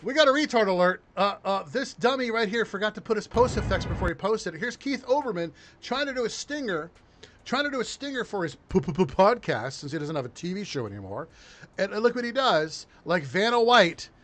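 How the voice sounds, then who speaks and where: A man hosting a political commentary podcast from his home studio, riffing in a mocking, crude, animated way. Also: high-pitched, brisk. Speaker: podcast host.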